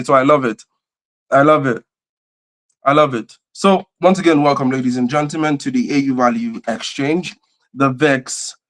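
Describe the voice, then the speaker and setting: A man opens a livestream with lively, repetitive enthusiasm and calls out viewers one by one. His voice sits at an ordinary middle pitch. He loops back over the same words as he builds momentum. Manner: energetic, repeats phrases, greets viewers by name. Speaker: host and convener of a livestream. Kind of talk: livestream opening chat.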